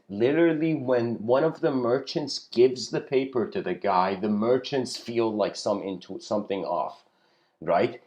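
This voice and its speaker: A man's voice: mid-range voice, a little slow, a little mellow. A man giving a casual spoken lecture, telling a parable in a rambling way, often saying "you know" and chuckling.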